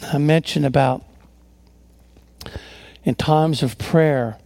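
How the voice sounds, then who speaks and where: Gravelly man preaching a sermon. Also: a little high, steady tone, slow, mellow, no echo. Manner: earnest storytelling with frequent restarts and repeated words. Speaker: pastor.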